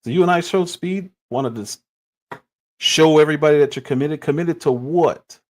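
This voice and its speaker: A man's voice: fairly high pitch, normal speed. A man in his forties giving critical, exasperated commentary on clips during a livestream.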